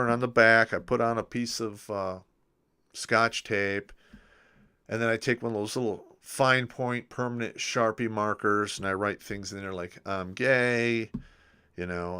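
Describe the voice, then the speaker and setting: Bright, clear-voiced man telling crude army stories. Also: fairly low pitch. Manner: crude, joking army anecdotes, trailing off at phrase ends. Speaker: livestream host. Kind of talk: casual storytelling and reading chat comments.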